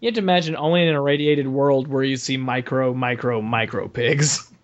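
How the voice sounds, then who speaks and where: A man's voice: mid-range voice, brisk, muffled recording. A man co-commenting on a let's play, tossing out sarcastic jokes and laughing at his own quips. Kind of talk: casual game commentary.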